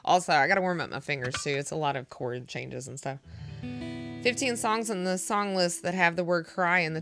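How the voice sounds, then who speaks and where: A young woman streaming music, chatting with her viewers in a flat, deadpan, monotone way. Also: medium pitch. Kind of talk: casual chat with live chat.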